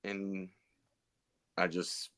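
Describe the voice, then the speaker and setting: A man's voice: sits low, level tone, extremely slow, sharp tone. A man, a pro BMX racer guest on a podcast, telling stories in a loose, rambling way full of fillers and restarts. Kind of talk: casual podcast storytelling.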